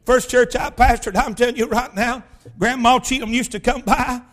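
A man with a high-pitched voice preaches by telling a story from his own life. He talks in a folksy, emphatic way and breaks into shouts when he praises. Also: steady tone, normal speed. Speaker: pastor. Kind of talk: storytelling sermon.

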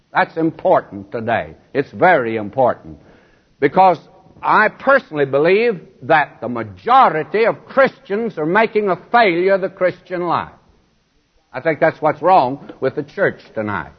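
A man's voice: fairly high pitch, highs cut off. A man preaching a sermon, emphatic, asking his listeners questions as he goes.

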